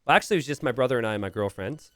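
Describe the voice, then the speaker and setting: A man's voice: medium pitch, animated, racing, fairly bright tone, no room sound. A young man from Pennsylvania casting a strategy game on a live stream, rambling casually and chatting with viewers. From Pennsylvania, USA. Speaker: game caster.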